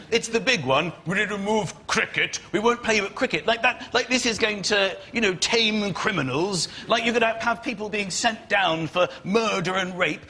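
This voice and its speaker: A man's voice: fairly high pitch, bright, forceful tone, a little hiss or hum. A man on a comedy panel show, ranting through a bit and slipping into silly impressions.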